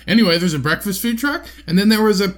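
A young man co-hosting a podcast, telling a profane, animated story in casual chat and acting out the quotes. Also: high-pitched, fast. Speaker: podcast co-host.

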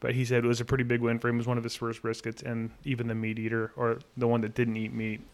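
A man's voice: medium pitch, quick pace, smooth. A man co-hosting a podcast in casual chat, telling stories in an easygoing way with fillers. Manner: easygoing storyteller, relaxed with fillers. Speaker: podcast co-host.

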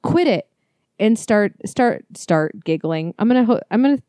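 A woman co-hosting a podcast, chatting casually and reading listener ghost stories aloud with quick, laughing, profane asides. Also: mid-range voice, expressive, dark tone, no echo, studio quality. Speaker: podcast co-host.

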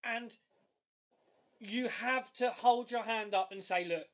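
Male podcast co-host, high voice, excitable storyteller, muffled lo-fi recording. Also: slow pace. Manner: excitable, animated storytelling with loud bursts. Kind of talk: casual chat.

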